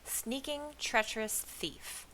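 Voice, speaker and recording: A woman reading aloud voices a greedy male trader who shouts loud, angry accusations. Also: medium pitch, expressive, slow, slight background noise, low-quality recording. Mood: furious. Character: blustering greedy male trader, quick to rage.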